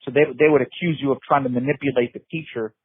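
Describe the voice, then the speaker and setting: Heard over a phone line, a middle-aged interview guest intensely recounts his past, speaking emphatically, repeating himself, restarting, and saying "you know" often. His mid-range voice is steady in tone, fast, and slightly rough, with no room sound.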